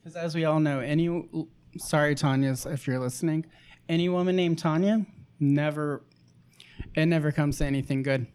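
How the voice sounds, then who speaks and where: A woman's voice: deep voice, steady tone, normal speed, darkish tone, clean tone. A woman from the Southern US co-hosting a podcast, telling wry, joking stories in casual chat. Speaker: podcast co-host.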